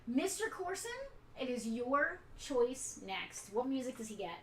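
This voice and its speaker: A woman hosting a live giveaway stream in casual chat, bubbly and quick to laugh. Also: sits high, very animated, echoey room, very noisy. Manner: bubbly, laughs often, runs the list. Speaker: host of a live collectibles giveaway.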